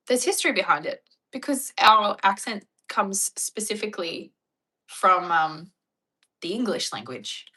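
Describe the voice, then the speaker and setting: A woman's voice: medium pitch, bright, forceful tone, husky, rough recording. An Australian woman with an Australian accent, chatting casually with her viewers and wandering off on tangents. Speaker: streamer answering viewer questions. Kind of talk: casual chat.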